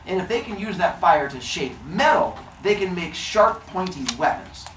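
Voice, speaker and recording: A man's voice: high voice, expressive, moderate pace, fairly bright tone, echoey room, distant mic, a little hiss or hum, voice pushed up, poor audio. A man voicing a petty, grumpy male king god in a bedtime-style myth retelling, indignant and exaggerated. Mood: peevish.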